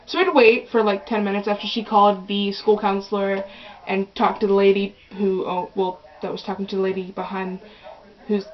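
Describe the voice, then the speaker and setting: A woman's voice: mid-range voice, flat delivery, brisk, dull audio. A young teenage girl telling a rambling, chatty story for her vlog, often restarting her sentences. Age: early teens. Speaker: vlogger.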